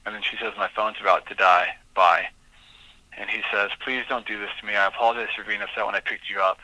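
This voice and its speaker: A man's voice: lowish voice, level tone, fast talker, sharp tone, no echo, low-quality recording. A man, a police lieutenant, being interviewed and reading messages aloud, emotional and hesitant.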